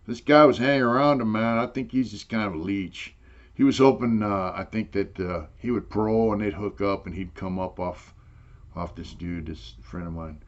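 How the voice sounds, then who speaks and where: A man's voice: lowish voice, moderate pace, dull audio. Older man, rambling profane storyteller. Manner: rambling, profane, full of "you know". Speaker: interviewee telling prison stories. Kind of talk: casual storytelling.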